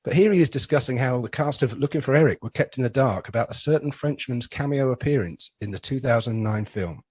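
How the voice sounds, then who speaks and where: Husky man reading a dry podcast intro. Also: medium pitch, brisk, dry recording. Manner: read-out, even delivery. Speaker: podcast host. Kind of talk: scripted clip introduction.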